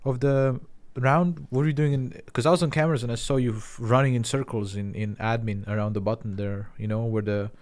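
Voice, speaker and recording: A man's voice: medium pitch, steady tone, brisk, darkish tone. A man streaming a game, pressing others with questions and stumbling over restarts. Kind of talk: gaming chat.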